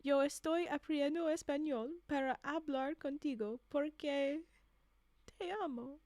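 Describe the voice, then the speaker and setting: A woman voicing a nervous, awkward middle-aged stepfather who speaks in a careful, halting way in a read-aloud story. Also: high voice, darkish tone, no echo.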